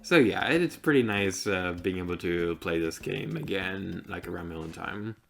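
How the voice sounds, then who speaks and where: A man's voice: sits low, normal speed, vocal fry, slight background noise. Young man with a slight lisp. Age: young adult. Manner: chatty and rambling, heavy use of "like". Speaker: let's player. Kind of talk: casual gameplay commentary.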